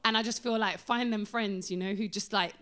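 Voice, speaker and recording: A woman's voice: medium pitch, fairly even intonation, a little fast, pushed and bright, clean tone. Gushing, rambling woman. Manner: gushing, rambling with many fillers. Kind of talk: casual speech to a crowd.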